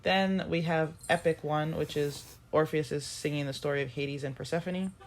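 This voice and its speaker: A woman's voice: sits low, fairly even intonation, normal speed, a little hiss or hum. A woman co-hosting a podcast, retelling a musical's plot in a casual, rambling way with plenty of fillers and restarts. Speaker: podcast co-host. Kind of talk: casual chat.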